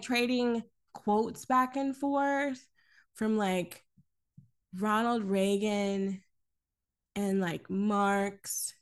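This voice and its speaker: Animated, laughing woman recapping a film. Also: medium pitch. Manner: animated, laughs often, swears casually. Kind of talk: casual chat recapping a film.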